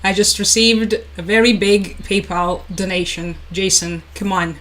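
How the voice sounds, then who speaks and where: A woman's voice: mid-range voice, flat delivery, unhurried, fairly bright tone, low-quality recording. Chatty woman hosting a live stream. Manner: chatty, laughs often, reads chat aloud. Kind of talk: casual live stream commentary.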